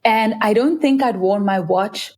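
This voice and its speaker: A South African freediver, speaking as an interview guest, tells her story in a darkish voice at a slightly slow pace. She's earnest and vivid, sometimes acting out other people's voices in a higher pitch.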